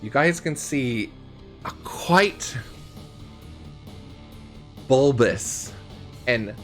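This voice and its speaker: A young man narrates a tabletop game as game master, casual and full of ums and likes. His pitch is mid-range, and light music plays underneath. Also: a bit bright. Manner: casual, filler-heavy narration.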